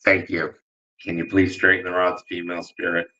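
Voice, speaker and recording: A man with a deep but bright, forward voice leads a dowsing-rod spirit session. He speaks in slow, polite requests separated by long pauses. When he is moved, his voice turns soft. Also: completely flat delivery, muffled recording. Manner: gets emotional and soft-spoken. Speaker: ghost hunter.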